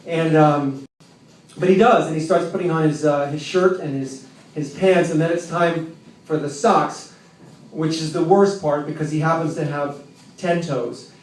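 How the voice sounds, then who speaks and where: A man telling a personal story live at an open mic in a tavern, with a wry, self-mocking, halting delivery. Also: on the high side. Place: tavern with an audience. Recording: roomy, distant, faint background noise.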